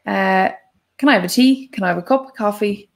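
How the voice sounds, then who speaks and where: An Irish woman co-hosts a live language lesson with a gravelly, creaky edge to her voice. She explains in a chatty way and stresses her example phrases. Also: medium pitch, brisk. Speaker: Irish language teacher, co-host.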